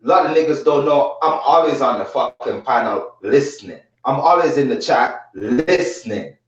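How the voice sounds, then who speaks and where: A man's voice: medium pitch, expressive, normal speed. Indignant man on a distant, echoey mic. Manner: indignant, profane, emphatic. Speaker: livestream panelist. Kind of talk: heated livestream chat. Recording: distant, roomy, muffled mic.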